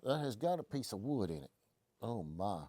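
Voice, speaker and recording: A man's voice: fairly low pitch, very animated, normal speed, warm tone, no echo. A man hosting a casual live stream from a gun shop, telling stories in a folksy, joking way. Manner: folksy, joking, rambling explanations. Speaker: host.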